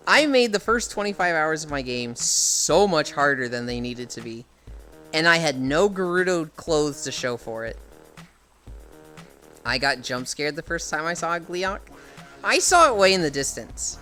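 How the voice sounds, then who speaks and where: A man's voice: fairly high pitch, animated, unhurried, pushed and bright, soft background music. A man chatting casually on a live stream. He rambles and sounds exasperated, with plenty of swearing.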